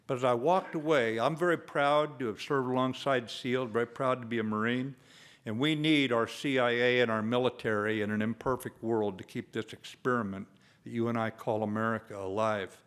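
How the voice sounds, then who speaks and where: An older man, a retired general, giving a speech with a personal war story, told in a measured way with frequent fillers. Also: mid-range voice, steady tone, a bit bright, clear, resonant tone.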